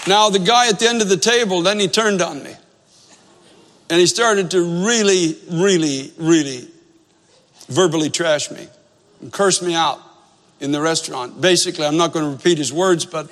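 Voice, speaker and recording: A man's voice: on the high side, normal speed, pauses often, a bit bright, long reverb tail. A man preaching a sermon, telling a story with earnest emphasis and repeating phrases to drive points home. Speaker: pastor.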